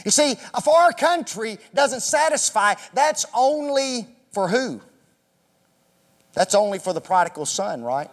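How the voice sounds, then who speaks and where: High, lively man teaching a Bible class. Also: unhurried. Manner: quizzes the class with questions, joking, often says "folks". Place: church classroom. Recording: echoey hall reverb.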